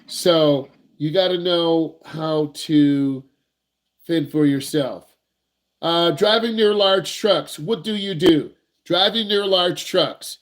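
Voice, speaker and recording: A man's voice: fairly high pitch, slow pace. A man working as a driving instructor, giving blunt, repetitive, slangy advice to young drivers in a casual teaching talk.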